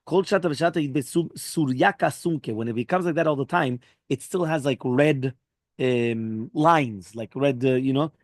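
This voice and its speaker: A man's voice: moderate pace, dry recording. A man teaching a daily Talmud class, mixing Hebrew and Aramaic phrases into his English explanation and acting out the dialogue. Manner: acts out dialogue with raised pitch. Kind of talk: Daf Yomi Talmud class.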